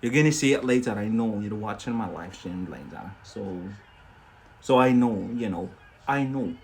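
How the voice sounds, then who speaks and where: A man's voice: fairly low pitch, moderate pace, a little hiss or hum. A man from Scotland, teaching English idioms on a live stream in a chatty way, often checking in with "yeah?".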